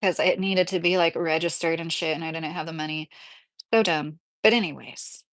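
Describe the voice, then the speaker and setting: A woman's voice: sits low, normal speed, fairly bright tone. A woman in her late thirties hosting a casual livestream from home, chatting and reading viewer comments aloud, often breaking into laughter. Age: 30s. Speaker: livestream host reading chat. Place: mobile home indoors.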